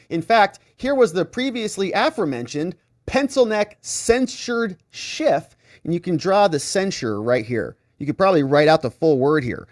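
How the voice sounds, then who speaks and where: A man hosting legal commentary, talking casually with a sarcastic, animated manner. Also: fairly high pitch, moderate pace, dry recording, clean studio sound. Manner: animated, sarcastic, mimics reactions.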